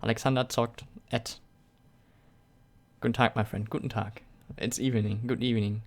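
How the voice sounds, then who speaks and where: A young man with a German accent hosts a casual live stream, reading out viewers' questions. He answers in a sarcastic, joking way and laughs often, and his voice sits at a middle pitch. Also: fairly even intonation, moderate pace. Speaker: YouTube channel host.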